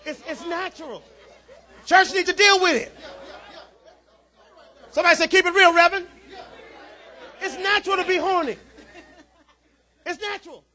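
A man a sermon as pastor, calling out to the congregation and swinging from quiet asides to shouts. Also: very high voice, normal speed, long pauses, some chatter behind. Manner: call-and-response preaching, rising to shouts.

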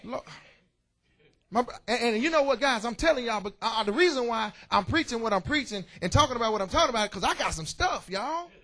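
Preacher, male, high and animated, playful call-and-response sermon style. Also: a little fast. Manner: lively, joking preaching with call-outs to the congregation. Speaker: pastor. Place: church.

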